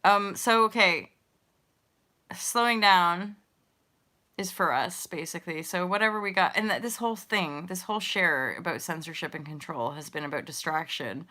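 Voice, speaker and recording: A woman's voice: deep voice, pushed and bright. A woman in her thirties hosting a casual spiritual livestream, rambling and giggling as she talks to viewers in the chat. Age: 30s. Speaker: host of a spiritual livestream show.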